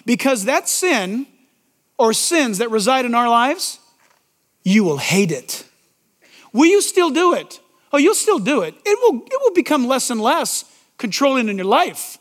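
A man's voice: extremely high pitch, sing-song, unhurried, a bit bright. A man pastor delivering an emphatic sermon to a congregation, asking rhetorical questions.

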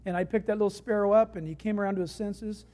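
A preacher telling homely stories in a sermon, talking in a conversational way that swings between loud, excited stretches and hushed, quiet ones. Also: medium pitch, fast talker. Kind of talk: sermon with storytelling.

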